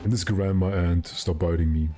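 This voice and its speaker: A man's voice: low voice, fairly even intonation, moderate pace, background noise. A young man streaming a game, chatting casually and rambling with his viewers while he plays. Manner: rambling, joking, answers chat.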